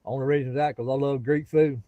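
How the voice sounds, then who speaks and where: A man's voice: medium pitch, fast, dry recording, phone-quality sound. Folksy Southern-drawling man on a livestream. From Gulf Coast of Florida. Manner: relaxed, folksy, talks straight to viewers. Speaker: livestream host. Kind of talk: casual live-stream chat with viewers. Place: outdoors near a pasture.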